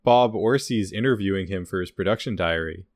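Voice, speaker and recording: A man with a low voice talks in a rambling, animated way about behind-the-scenes stories. He often slips into quick impressions of the people he quotes. The sound is close and dry, with no room around him. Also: no echo. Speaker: podcast co-host. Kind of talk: casual chat about a TV show's extras.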